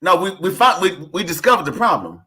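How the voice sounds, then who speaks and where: A man hosting a casual conversation, telling stories in an animated, preachy way. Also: high-pitched, fast talker. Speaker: podcast host.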